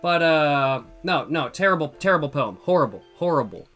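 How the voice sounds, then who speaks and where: A man giving loud, joking, profane commentary as a gaming streamer playing a game. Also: fairly high pitch, expressive, normal speed, soft background music. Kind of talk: casual let's-play commentary.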